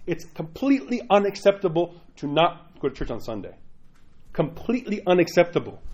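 A man's voice: fairly high pitch, darkish tone. A man, a parish priest, giving an informal sermon in a rambling, chatty way with frequent asides.

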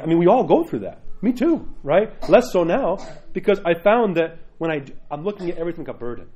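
Fast-talking priest giving a lively sermon. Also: male voice, a little high. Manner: acts out inner voices in quotes; conversational, often adds "right?". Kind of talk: teaching talk to a congregation.

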